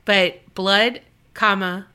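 A woman's voice: mid-range voice, steady tone, extremely slow, sharp tone, clear, resonant tone. A woman co-hosting a podcast, bantering playfully in casual chat. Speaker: podcast co-host.

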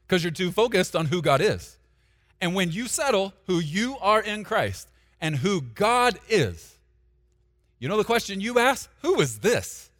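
Lively preaching man, loud then hushed. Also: a little high, in a large hall. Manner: preaching with sharp swings from loud emphatic lines to quiet asides; directly addresses the congregation, asking them to take notes. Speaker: pastor. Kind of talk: sermon.

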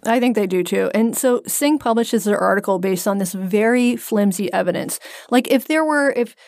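A woman's voice: mid-range voice, normal speed, darkish tone, dry recording. A woman co-hosting a podcast, explaining a story in a wry, casual way on a close mic. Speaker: podcast co-host. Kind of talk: casual chat.

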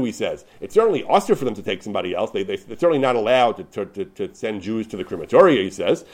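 A man teaching a Torah class, retelling a wartime rabbinic ruling with lively storytelling, many restarts and Yiddish and Hebrew terms. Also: on the low side, quick pace, hardly any pauses. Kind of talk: Torah lecture retelling a responsum.

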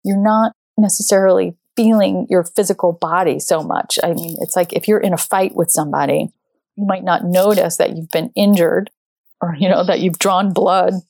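Lively storytelling woman, dry close sound. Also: on the low side, moderate pace, gravelly, no echo. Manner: lively storytelling, acts out quoted voices. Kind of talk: conversational monologue.

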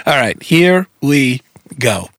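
A man's voice: mid-range voice, big pitch swings, slow, fairly bright tone, dry recording. A man hosting a podcast, amused and laughing in casual chat. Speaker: podcast host.

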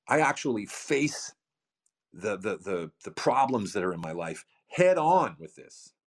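A middle-aged man giving emphatic motivational podcast talk, full of repetition and rhetorical questions. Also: lowish voice. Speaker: founder of a coaching program, podcast guest.

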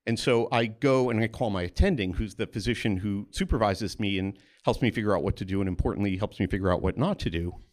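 A man's voice: fairly low pitch, fast, hardly any pauses. A man telling a first-person story on stage in a conversational way, with small restarts, acting out the other people he quotes. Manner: animated, acts out the voices of others in his story. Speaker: storyteller, pediatric oncologist.

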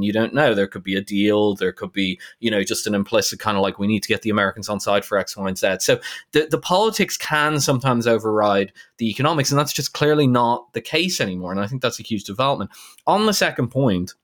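A man co-hosting a casual current-affairs podcast, talking in an animated, incredulous way with frequent restarts. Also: on the low side. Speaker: podcast co-host.

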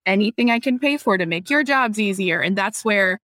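A woman runs a casual podcast about her small business. She talks in a chatty, animated way and acts out the people she quotes. Her voice sounds dry and close to the mic. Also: mid-range voice, fairly quick, no echo. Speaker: business owner and podcast host.

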